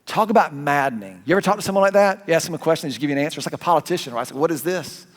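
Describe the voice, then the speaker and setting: Southern pastor preaching in a reverberant hall. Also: male voice, on the high side, very fast. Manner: conversational, animated storytelling with self-corrections. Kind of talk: sermon.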